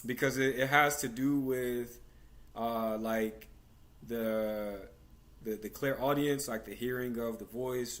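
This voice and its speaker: A man hosting a casual conversation on a video call, talking in a relaxed, slangy way as he asks his guests questions. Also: mid-range voice. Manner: relaxed, slangy, many fillers and restarts. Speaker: host.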